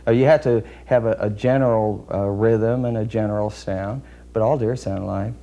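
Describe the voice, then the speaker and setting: Low, dark-voiced man explaining deer calls. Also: fairly even intonation, gravelly. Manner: measured and technical, with frequent hesitations. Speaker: deer calling expert guest. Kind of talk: explanatory interview talk.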